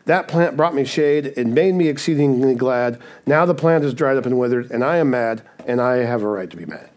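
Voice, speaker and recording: Preacher putting on a whiny self-pitying prophet, pitched up, sulky. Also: male voice, expressive, brisk, a little mellow, natural voice. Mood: sulking.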